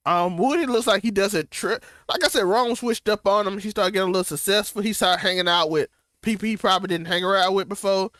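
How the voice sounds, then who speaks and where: A man's voice: sits high, fast talker, fairly bright tone, no echo, clean studio sound. A young man, co-hosting a casual TV recap chat, talking loosely with slang and restarts. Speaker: co-host of a TV recap show.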